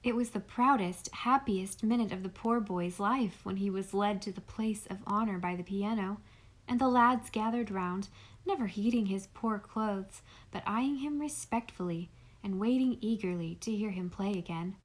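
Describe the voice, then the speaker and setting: A woman reading a classic novel aloud as an audiobook narrator, with gentle, even storytelling. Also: medium pitch, moderate pace. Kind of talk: scripted narration.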